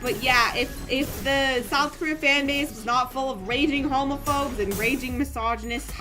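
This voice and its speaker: A young woman streaming a game, chatting casually, reading the story text aloud and breaking into playful, excited outbursts. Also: high voice, normal speed, over music. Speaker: gaming streamer.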